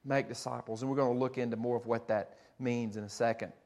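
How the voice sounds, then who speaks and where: A man's voice: mid-range voice, steady tone, fast, mellow. A man preaching a sermon as pastor, earnest and repetitive, restarting phrases as he teaches.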